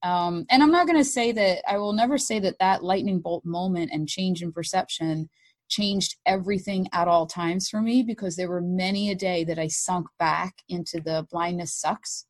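A woman, a mother being interviewed, tells a personal story in an animated, candid way and acts out what she and others said. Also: lowish voice, moderate pace. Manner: animated and candid, acting out her own and others' words. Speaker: guest, mother of blind sons.

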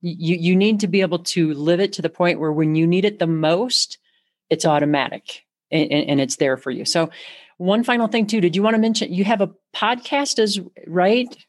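A woman hosting a podcast, thanking her guest and reflecting in a measured way on the conversation. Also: lowish voice. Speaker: podcast host. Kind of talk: interview and reflective wrap-up.

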